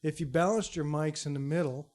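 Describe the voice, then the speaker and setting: A man's voice: a little high, fairly quick, a little mellow. A man in casual podcast banter, teasing and playful.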